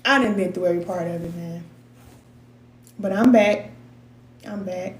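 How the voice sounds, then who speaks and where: A woman's voice: lowish voice, normal speed. A middle-aged woman giving spiritual advice to her viewers in a candid, emotional, slangy way. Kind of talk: casual heartfelt talk to viewers. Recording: roomy echoey sound.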